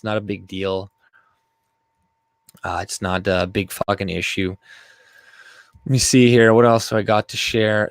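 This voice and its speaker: A man with a fairly low voice talks through news stories in a loose, rambling way. He swears a lot and reads articles aloud between his comments. The recording is dry, with almost no room sound. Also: smooth, no echo. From Canada. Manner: rambling and profane, with frequent fillers and laughs. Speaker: video commentator. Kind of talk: casual reaction commentary, reading articles aloud.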